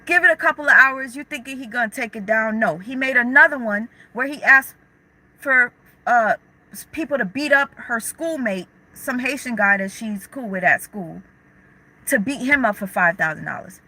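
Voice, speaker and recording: A woman's voice: a little high, moderate pace, bright, forceful tone, rough recording. A young woman hosting a casual livestream, talking candidly in slang and answering viewers' chat comments as they come in. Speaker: livestream host.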